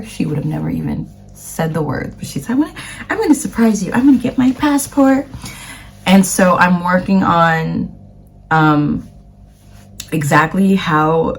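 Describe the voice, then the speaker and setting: A woman from the United States, a vlogger chatting casually to camera in a rambling way with plenty of fillers. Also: deep voice.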